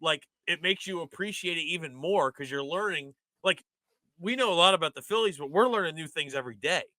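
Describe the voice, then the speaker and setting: Man, podcast co-host, very bright tone, rambling and passionate, dry sound. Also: on the high side, lively intonation, fairly quick, dry recording. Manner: passionate, rambling, heavy use of "like". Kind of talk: casual sports chat.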